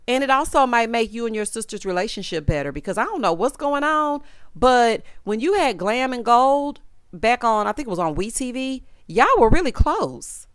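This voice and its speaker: A woman, giving a sassy, animated reality TV recap and calling her viewers honey and child. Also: fairly high pitch, normal speed, clear, resonant tone, dry recording, studio quality. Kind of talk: casual recap commentary.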